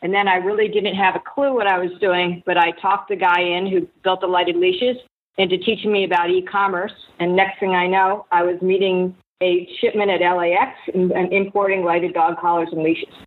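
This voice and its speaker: A woman's voice: fairly low pitch, moderate pace. Woman on a tinny phone line. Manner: lively anecdotal storyteller. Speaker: guest, e-commerce entrepreneur. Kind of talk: interview answers, storytelling.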